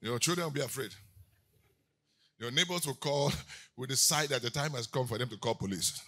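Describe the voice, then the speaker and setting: A man preaching a sermon as pastor, moving between quiet teaching and loud shouted declarations. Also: mid-range voice, normal speed.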